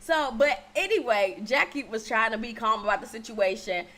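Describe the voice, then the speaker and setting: Sassy, profane high-voiced woman. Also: animated, normal speed, bright, forceful tone. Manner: sassy, blunt and profane, laughs often. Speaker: TV show reviewer. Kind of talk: casual recap vlog.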